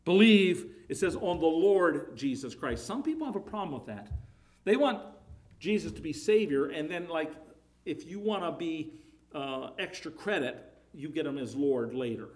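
A man's voice: on the high side, expressive, normal speed, darkish tone. A man preaching a sermon, emphatic, his voice rising and falling in volume, often repeating words.

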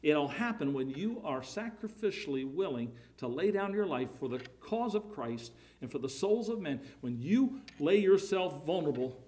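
A man's voice: fairly high pitch, a bit bright. A man preaching a sermon, emphatic, his voice rising and falling in volume, often repeating words.

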